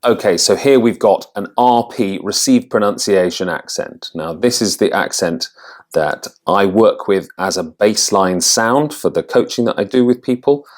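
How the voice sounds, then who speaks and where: A man working as an accent coach, thinking aloud as he rates quiz answers, with halting restarts. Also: on the low side. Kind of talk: casual commentary on a quiz.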